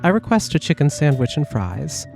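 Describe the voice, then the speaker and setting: A man's voice: fairly high pitch, very animated, normal speed, creaky, darkish tone, soft background music. Man reading game narration. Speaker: let's play co-host.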